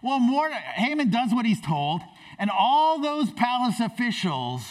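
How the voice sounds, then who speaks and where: Guy preaching in church, lively up-and-down voice, mic a bit far off. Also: very high voice, measured pace. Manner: animated, dramatic storytelling. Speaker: pastor. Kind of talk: sermon, storytelling.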